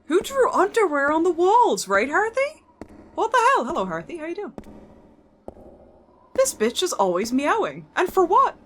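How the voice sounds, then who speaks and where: A woman's voice: extremely high pitch, huge pitch swings, normal speed, pauses often, a bit bright, slight background noise. A woman streaming a horror game, chatting and joking as she plays, swearing casually and talking back to the characters. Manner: talks to the game's characters. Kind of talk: live gameplay commentary.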